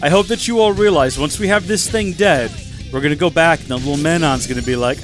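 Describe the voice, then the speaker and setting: A man's voice: fairly high pitch, fast, faint music behind. A man casually commenting on a video game with wry, chatty asides. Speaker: let's play host.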